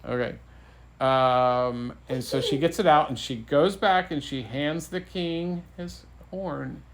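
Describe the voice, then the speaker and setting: A father telling his child a bedtime story in a playful, relaxed way. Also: a little high, takes it slowly.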